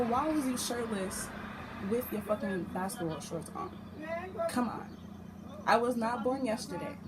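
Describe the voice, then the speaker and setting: A young woman tells a storytime vlog in a fairly high voice, animated and cursing freely as she acts out what everyone said. The recording is noisy, with a clear hum of background noise under her voice. She sounds like she is talking straight into a camera at home. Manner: animated, profane, acts out quotes. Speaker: storytime vlogger.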